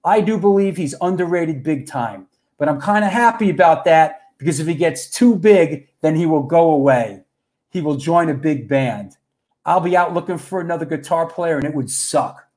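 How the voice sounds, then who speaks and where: Chatty New stream host. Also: male voice, fairly high pitch, moderate pace, a little mellow. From New York. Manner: loose and chatty, talks straight to viewers, says bro and yo. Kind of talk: casual livestream chat.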